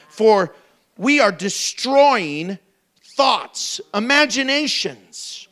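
A man with a high voice preaches an animated sermon. He slips into playful put-on voices and jokes along the way, keeping the tone lively and conversational. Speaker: pastor.

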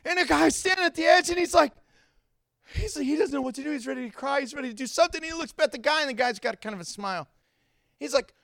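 A man preaching a sermon as pastor, telling stories in an animated way, with loud, high outbursts, and joking and laughing between points. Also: quick pace, creaky, no room sound, clean studio sound. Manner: animated storytelling, gets loud and high acting out scenes.

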